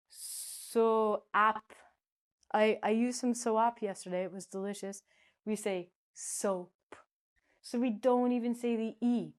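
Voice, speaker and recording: Playful woman teaching English pronunciation. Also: medium pitch. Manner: animated, jokey, talks to herself in asides.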